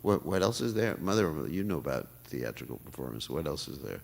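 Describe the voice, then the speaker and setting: An older man giving a morning temple class, talking in an animated way and laughing often. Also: extremely low pitch, brisk, creaky. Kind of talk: sermon. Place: temple hall.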